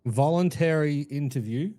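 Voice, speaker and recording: A man's voice: on the high side, moderate pace, dark tone, dry recording. A man playing a police officer in a roleplay discussion, making emphatic points and repeating himself.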